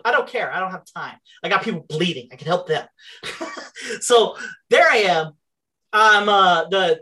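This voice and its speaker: A woman in casual chat telling a story with exasperated sarcasm, swearing and acting out both sides of an argument. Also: medium pitch. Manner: animated, swears, acts out both sides of a dialogue. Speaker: storyteller on a talk show.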